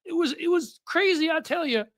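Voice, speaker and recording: A man puts on a folksy middle-aged Southern senator, all exaggerated drawl and mockery. The voice climbs far above his normal pitch and sounds bright and strained. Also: normal speed, dry recording, studio quality. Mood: mocking. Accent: put-on Southern US drawl. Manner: exaggerated, mocking, high drawl.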